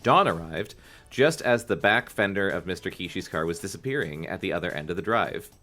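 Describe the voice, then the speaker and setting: A low-pitched man with a bright, forward tone reads a children's novel aloud for a comedy podcast. He drifts between plain narration and playful asides, with a lively, swooping delivery and faint music underneath. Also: fairly quick. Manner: reads narration with jokey asides, puts on squeaky voices. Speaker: podcast co-host reading aloud.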